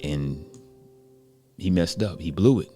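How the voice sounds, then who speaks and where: A man narrating a story casually, relaxed and reflective, with frequent conversational fillers. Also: low-pitched, slow pace, soft background music. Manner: relaxed, reflective, many "you know" fillers.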